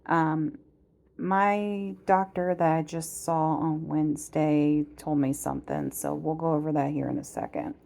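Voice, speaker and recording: Slow, low-voiced woman vlogging casually. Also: little pitch movement, creaky, mellow. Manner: chatty, rambling, lots of fillers; laughs at herself while telling stories. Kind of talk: casual personal vlog.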